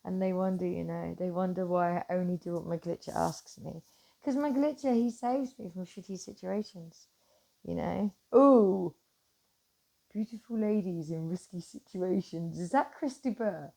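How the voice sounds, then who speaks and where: A middle-aged woman chatting casually to camera, animated and swearing freely, swinging from loud bursts to hushed asides. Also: lowish voice, normal speed, creaky. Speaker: vlogger.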